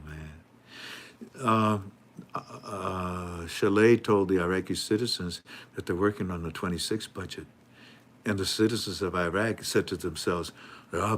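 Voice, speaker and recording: A man hosting his channel, reading news articles aloud with casual, mocking commentary and frequent laughs. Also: husky. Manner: joking, mocking, laughs often, acts out officials in a high voice. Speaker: host.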